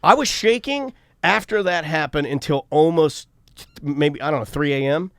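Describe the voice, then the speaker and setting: Animated man telling a wild story. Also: a little high, moderate pace, dry recording, clean studio sound. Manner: animated storytelling, shouts when reliving anger. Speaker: co-host. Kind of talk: casual chat. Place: studio.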